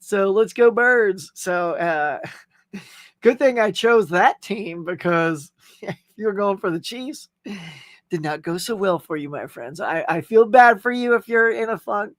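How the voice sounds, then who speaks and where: A man's voice: high-pitched, a bit bright, no echo, clean studio sound. A middle-aged man with a Southern US accent, casually hosting a live stream, chatting, laughing often and greeting viewers by name. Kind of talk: casual live chat reading comments.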